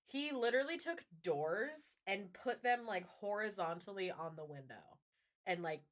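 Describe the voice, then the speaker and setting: A woman hosting a podcast, telling a true-crime story in a casual, chatty way, animated and quick to swear and laugh. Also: medium pitch. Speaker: podcast host.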